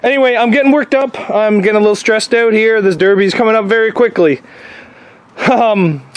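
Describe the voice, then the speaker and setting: A man vlogging from his workshop, talking to himself and his viewers in a chatty, excitable way with jokes as he works. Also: sits high, brisk, smooth, dry recording. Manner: chatty, excitable, jokey self-talk. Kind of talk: casual workshop vlog. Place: garage workshop. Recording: noisy workshop.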